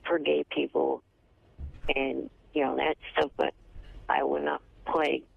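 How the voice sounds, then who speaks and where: Gravelly blunt man, dull dry line. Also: mid-range voice, little pitch movement, slow pace, no echo. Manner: blunt, terse refusals. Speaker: guest. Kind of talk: casual radio chat.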